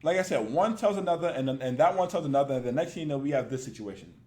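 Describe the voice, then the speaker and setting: High, lively-voiced man ranting bluntly. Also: quick pace, echoey room. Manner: blunt, profane, laughs often. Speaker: reaction video host. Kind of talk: casual ranting commentary.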